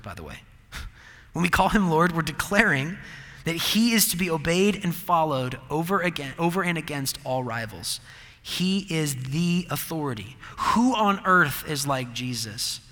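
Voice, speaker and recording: A man preaching a sermon, emphatic, moving between loud declarations and quiet asides. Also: fairly high pitch. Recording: long reverb of a large hall.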